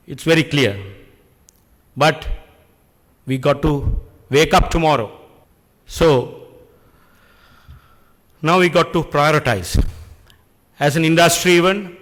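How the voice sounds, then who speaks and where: A middle-aged man, giving an earnest, deliberate speech at an industry function and posing rhetorical questions. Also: fairly high pitch, a bit bright, in a large hall. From Sri Lanka. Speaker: public speaker addressing an industry function. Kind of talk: speech at an event. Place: function hall.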